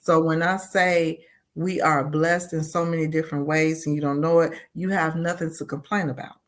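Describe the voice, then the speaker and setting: A woman's voice: sits low, steady tone, moderate pace. A woman being interviewed as a community advocate, speaking in a heartfelt, earnest way and often saying "you know.". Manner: heartfelt, repeats "you know", voices her own thoughts aloud.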